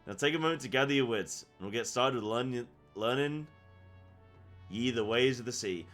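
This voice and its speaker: A brash old barkeep talks in a rough seafaring dialect, as a man reading game dialogue puts him on. His voice sits at a middling pitch, gruff and hearty, with some faint music in the background. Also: normal speed, a bit bright, natural voice. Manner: reads quest text aloud in a put-on rough seafaring dialect.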